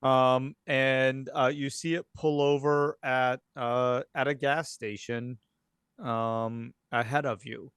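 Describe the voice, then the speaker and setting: Smooth-voiced man running a horror game. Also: mid-range voice, level tone, slow pace, a bit bright, no room sound, studio quality. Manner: hesitant, many fillers and restarts. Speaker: game master. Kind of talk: narrating a tabletop game.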